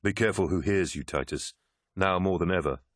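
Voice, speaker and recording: A man's voice: low-pitched, fairly quick, no room sound. Man doing a worried, pragmatic officer, urgent, pleading, raised voice, dry recording. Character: worried pragmatic male officer, anxious friend. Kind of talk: audiobook character voice.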